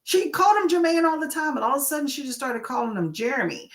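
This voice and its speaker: A woman hosting a livestream, chatting casually with viewers and telling stories in an animated way. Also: sits high, quick pace. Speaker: livestream host; nurse.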